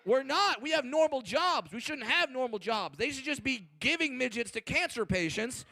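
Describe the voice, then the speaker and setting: High, brash young comedian man. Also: animated, moderate pace, no echo. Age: 20s. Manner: loud, brash, profane punchlines. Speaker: stand-up comedian. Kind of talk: stand-up comedy routine.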